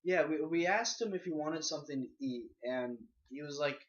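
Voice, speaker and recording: A man's voice: fairly high pitch, moderate pace. Easygoing young man, muffled recording. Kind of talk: casual chat.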